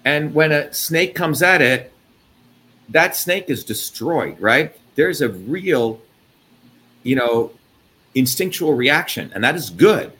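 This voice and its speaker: A man's voice: fairly high pitch, expressive, slow pace, a bit bright. Angry profane man ranting. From India. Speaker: host. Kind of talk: heated interview talk.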